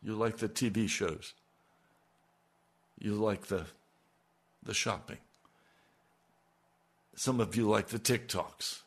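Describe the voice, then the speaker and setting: A man's voice: lowish voice, slow, pauses often. A man preaching a sermon, asking his listeners pointed rhetorical questions and building to emphatic peaks.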